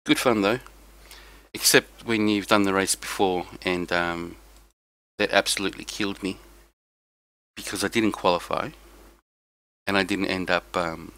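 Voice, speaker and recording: Slow-talking tired male streamer. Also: deep voice, fairly even intonation, bright, forceful tone, rough recording. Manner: rambling, talks to chat viewers. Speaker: sim racing streamer. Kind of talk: casual live stream chat.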